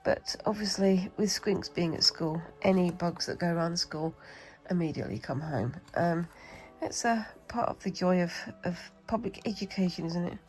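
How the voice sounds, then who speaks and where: Soft music plays behind this rough recording of a British craft vlogger who has a cold. Talking to herself as she demonstrates a craft, she rambles casually at normal speed with few pauses, her voice fairly low and darkish.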